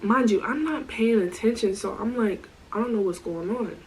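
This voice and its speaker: A woman's voice: mid-range voice, normal speed, rough recording. Chatty woman telling a story. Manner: animated, slangy, full of asides. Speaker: storytime vlogger. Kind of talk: casual storytelling.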